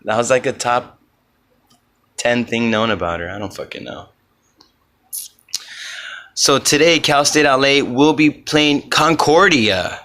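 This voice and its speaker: A man talks through a solo comedy podcast in a loose, rambling way, with profanity scattered through his speech. His delivery is slow and unhurried, and his voice has a bright, forward tone. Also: medium pitch, lively intonation.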